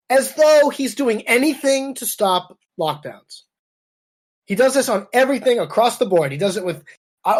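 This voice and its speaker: A woman's voice: fairly high pitch, animated, normal speed. Blunt sarcastic woman ranting. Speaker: podcast co-host. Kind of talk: casual political rant.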